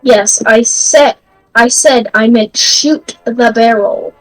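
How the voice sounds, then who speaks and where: A woman's voice: on the high side, slow, faint music behind, poor audio. A young woman playing a tabletop game over voice chat, hesitant and stumbling over her words. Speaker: player.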